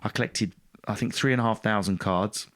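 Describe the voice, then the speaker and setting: A man's voice: on the low side, brisk, a bit bright. A man telling his story as a podcast guest, blunt and self-mocking, swearing freely in casual talk. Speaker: podcast guest, stand-up comedian.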